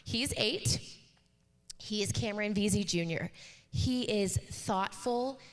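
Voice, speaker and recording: A woman's voice: medium pitch, takes it slowly. A woman pastor in her thirties preaching a sermon, chatty and joking as she tells stories about her family. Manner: chatty, joking, animated storytelling. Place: church sanctuary. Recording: live church hall reverb.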